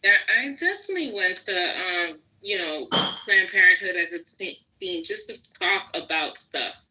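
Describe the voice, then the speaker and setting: A woman's voice: lowish voice, animated, moderate pace, sharp tone, rough recording. A woman on a live panel, talking candidly and swearing, with lots of fillers. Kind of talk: casual chat.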